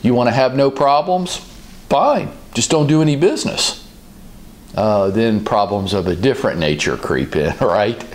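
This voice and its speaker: A man hosting a business advice talk, speaking in a calm, measured and direct way. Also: mid-range voice. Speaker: host, business coach.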